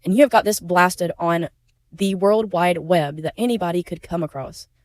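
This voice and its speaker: A woman with a lowish voice, speaking at a moderate pace, is a YouTube commentary creator offering blunt, indignant opinions. Emotional and at times near tears, she speaks out about being a victim herself and swears when upset.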